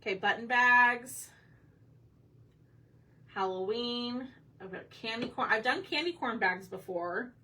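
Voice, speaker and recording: A woman's voice: fairly high pitch, slow, long pauses, pushed and bright, distant mic. A woman hosting a craft livestream, chatting casually with her viewers while she paints. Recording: voice a bit off-mic with faint room noise.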